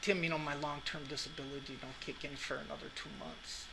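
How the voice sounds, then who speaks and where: Gravelly old army vet guy, quiet and flat, kinda bright tone, as a teacher puts him on. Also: fairly high pitch, a little fast, a little hiss or hum, pitched below the performer's own voice, poor audio. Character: worn-out older male army veteran, heavy drinker.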